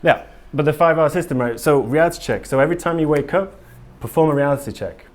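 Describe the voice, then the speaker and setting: Here the man's voice sits fairly high and moves at a quick pace. Addressing a live audience in a conference room, he delivers a casual, earnest talk that rambles, with many ums and restarts along the way.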